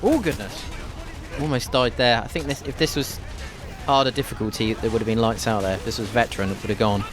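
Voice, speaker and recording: A man's voice: medium pitch, brisk. A man hosting a history podcast who chats and jokes while commentating a game playthrough. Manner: chatty and jokey, with dry asides. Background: game gunfire and faint music.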